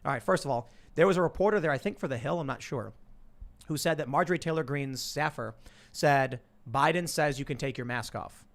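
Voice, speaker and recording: A man in his thirties hosting a casual panel show, talking quickly and laughing often. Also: on the high side, vocal fry. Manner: chatty, fast, laughs often. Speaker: podcast host. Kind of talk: casual panel talk with sponsor reads.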